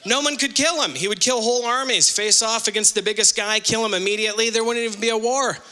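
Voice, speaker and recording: A middle-aged man doing a live stand-up set on a theater stage, telling stories loudly and animatedly with sudden shouted punchlines. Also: sits high, quick pace, clear, resonant tone. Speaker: stand-up comedian. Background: audience laughter.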